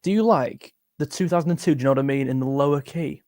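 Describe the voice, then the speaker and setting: A man's voice: a little high, fast talker, darkish tone. A young man, chatting casually on a livestream, reading viewer comments with a tired voice. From England. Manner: rambling, chatty, self-interrupting. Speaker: music livestream host.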